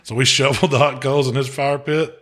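A man, hosting a casual podcast chat in a relaxed drawl and chuckling often. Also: medium pitch, brisk. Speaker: podcast host, pitmaster.

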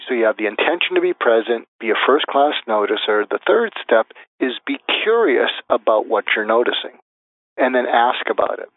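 A man's voice: medium pitch, big pitch swings, normal speed, no echo. A man talks through a method one step at a time, stopping to act out the phrases he would use. His voice comes through a narrow, phone-like line. The sound is dry, with no room around it. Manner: methodical, lists numbered steps, acts out example phrases. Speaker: guest expert. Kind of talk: interview answers, explaining step by step.

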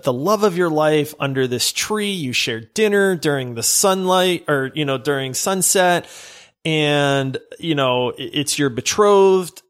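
A male podcast co-host in casual chat, telling an excitable story and acting out scenes. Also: a little high. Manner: excitable, acts out scenes in voices.

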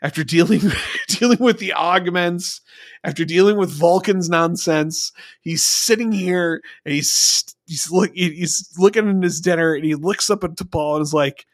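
A man's voice: sits high, normal speed, no echo, clean studio sound. A man co-hosting a podcast, chatting casually and with animation, swearing and slipping into mocking impressions. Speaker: podcast co-host. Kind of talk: casual review chat.

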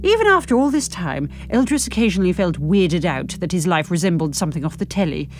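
A woman reading her own novel aloud with expressive, animated narration and frank humour. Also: on the low side, quick pace, faint music behind.

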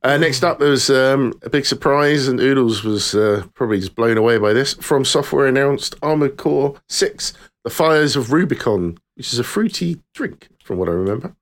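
An easygoing man hosts a casual gaming podcast and runs through the news items. His voice sits at an ordinary middle pitch. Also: lively intonation, moderate pace. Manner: easygoing, moves through topics. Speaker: podcast host running the news segment. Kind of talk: casual chat.

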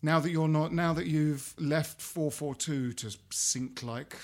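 Rambling, jokey host. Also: male voice, a little high, unhurried, darkish tone. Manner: rambling, jokey, self-correcting. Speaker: podcast host. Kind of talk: casual chat.

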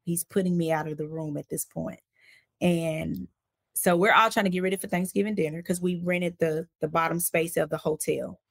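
Gravelly low-voiced woman telling a story. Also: moderate pace. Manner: animated, acts out quoted voices while recounting events; casual, conversational phrasing. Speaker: interview guest, author. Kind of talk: personal storytelling in a podcast interview.

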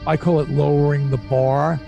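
Gravelly, animated middle-aged man. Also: fairly high pitch, normal speed, soft background music. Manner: animated, profane, repeats himself when excited. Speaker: interview guest. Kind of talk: casual interview storytelling.

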